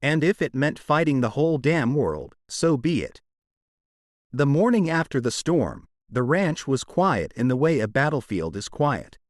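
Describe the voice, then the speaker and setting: A man narrating a romance audiobook in a dramatic, expressive storytelling manner. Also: medium pitch, a little slow, no echo, studio quality.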